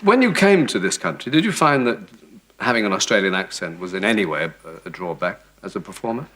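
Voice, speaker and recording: A man's voice: fairly low pitch, lively intonation, fast, a bit bright. A man, hosting a talk show and asking polite questions with dry quips.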